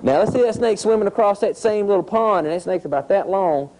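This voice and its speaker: A man with a drawl leads schoolchildren through an outdoor lesson. He tells it as a lively story, tossing in sound effects and questions for the kids. His voice is warm and mellow. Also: high-pitched, brisk, a little hiss or hum, rough recording. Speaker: environmental educator. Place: outdoors at a nature center.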